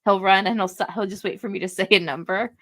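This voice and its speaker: Bright, animated woman storyteller. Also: mid-range voice, quick pace. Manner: animated storyteller, laughs often. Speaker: podcast co-host. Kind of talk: casual chat.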